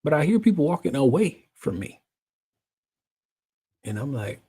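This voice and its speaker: A man's voice: on the high side, huge pitch swings, measured pace, long pauses, darkish tone, slightly rough. A man in his thirties telling a personal story as a guest, joking and acting out the other people's voices. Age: 30s. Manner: jokey, acts out voices, laughs often. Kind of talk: animated storytelling.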